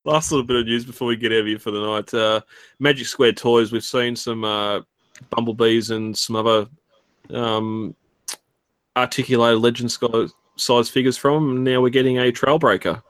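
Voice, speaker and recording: A man hosting a casual chat show, relaxed and laughing often. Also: mid-range voice, normal speed, dry recording. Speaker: podcast host.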